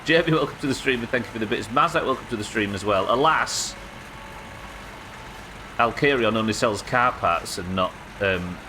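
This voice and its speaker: Against a noisy background, a man with a lowish voice talks briskly with few pauses. He's live-streaming a game, chatting and joking and swearing freely as he goes.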